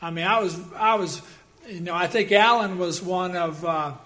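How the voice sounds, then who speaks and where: A man preaching a sermon as pastor, telling personal stories in a lively way and bursting into loud acted quotes. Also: high-pitched, moderate pace.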